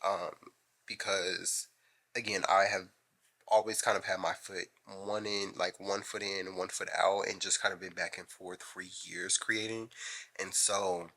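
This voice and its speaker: A man's voice: sits low, vocal fry, pushed and bright. A young man vlogging casually to the camera from his bed, chatty and full of likes and ums. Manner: chatty, lots of "like" and "um". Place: in bed at home.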